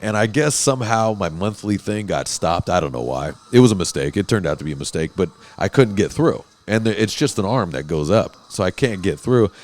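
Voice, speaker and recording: Low-voiced man telling rowdy stories. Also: a little fast, few pauses. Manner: animated storyteller, acts out quotes loudly. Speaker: podcast host. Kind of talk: casual profane chat.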